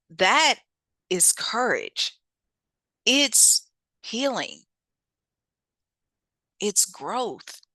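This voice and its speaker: Lively, bright-voiced woman giving a pep talk. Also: no echo. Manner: emphatic, folksy, laughs often, repeats key phrases; sudden swoops up in pitch for emphasis. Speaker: podcast host and author; singer and teacher. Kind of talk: motivational monologue.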